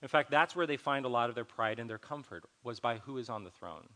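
A man's voice: medium pitch, lively intonation, fast, bright, forceful tone. A young adult man preaching a sermon as pastor, conversational and earnest, acting out little dialogues as he teaches.

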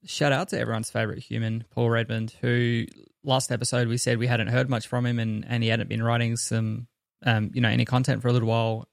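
A man co-hosting a podcast in easygoing casual chat, often halting and restarting his sentences. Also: medium pitch, flat delivery, gravelly, no echo, clean studio sound. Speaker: podcast co-host.

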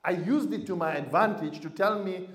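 A man preaching a sermon as an imam, telling stories and swinging from quiet asides to loud emphasis. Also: high voice, normal speed, echoey room. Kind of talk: sermon to a congregation.

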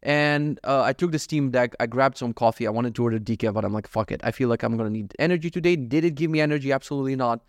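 A man's voice: medium pitch, quick pace, hardly any pauses, no echo, clean studio sound. A young man hosting a solo podcast, rambling through jokey, profane stories. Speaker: podcast host. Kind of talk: casual solo podcast monologue.

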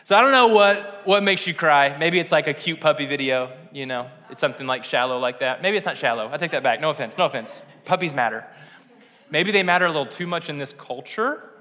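A young pastor with a fairly high, pushed and bright voice preaches a little fast, his intonation lively. The sermon is conversational and self-deprecating, with plenty of laughing at himself, and the church sanctuary gives it a long hall reverb.

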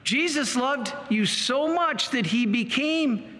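A man's voice: extremely high pitch, expressive, takes it slowly, pushed and bright, long reverb tail, exaggerated voice. A priest voicing an old bishop questioning a boy. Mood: earnest. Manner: patient, probing questions. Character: elderly male bishop, gently questioning a boy.

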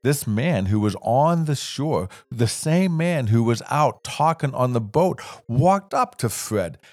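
Slow, expressive male storyteller. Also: mid-range voice, dry recording, studio quality. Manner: gentle, unhurried, expressive. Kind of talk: children's story narration.

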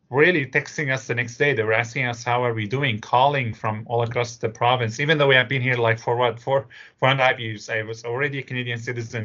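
A man's voice: medium pitch, dull audio. A middle-aged man from Syria with a Syrian Arabic accent, telling stories in an interview as a guest and acting out voices in his anecdotes. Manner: animated storyteller, acts out voices in anecdotes. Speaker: interview guest, immigrant business owner. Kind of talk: storytelling interview answers.

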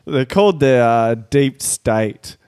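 A man playing an Australian call-centre worker fobbing off an angry caller. He hesitates, piles on ums and uhs, and speaks in a smooth, clear, dry voice. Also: mid-range voice, animated, slow pace, a little mellow, no echo. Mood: sly. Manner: stalling, polite, full of ums.

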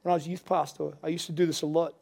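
A middle-aged man preaching a sermon as pastor, earnest and confessional, rising to loud pleading. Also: a little high, flat delivery, rapid-fire, vocal fry. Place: church service.

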